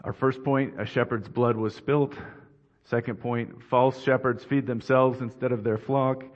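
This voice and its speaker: A male preacher speaks in a steady, earnest way, walking through his points in a measured sermon. His voice sits in a middle register. The recording is dull and muffled, with long reverb from a large hall around him. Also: mid-range voice.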